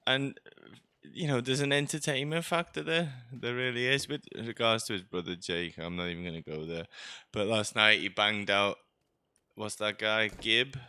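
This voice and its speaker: Male streamer, joking rambler, lowish voice, clear and close. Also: moderate pace, sharp tone, no echo. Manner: chatty, joking, sarcastic asides. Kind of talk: rambling gameplay commentary.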